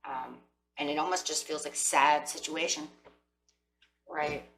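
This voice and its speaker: A woman's voice: low-pitched, fairly even intonation, measured pace, a bit bright, slight background noise, poor audio. A woman giving a tarot reading, speaking straight to her viewers and voicing imagined lines from the people she describes. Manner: speaks directly to viewers, acts out imagined quotes. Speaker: tarot reader.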